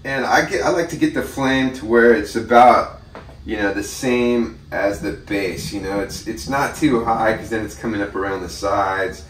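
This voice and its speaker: A man hosting a casual how-to video, talking viewers through each step in his kitchen in a relaxed, chatty way. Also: fairly low pitch, normal speed, echoey room, recorded from a distance, slight background noise. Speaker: host of a how-to channel. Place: kitchen indoors.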